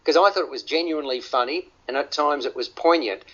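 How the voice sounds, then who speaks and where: A man's voice: a little high, fast talker, fairly bright tone. A man hosting a radio film review panel, often restarting and repeating words as he talks. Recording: dull lo-fi radio audio.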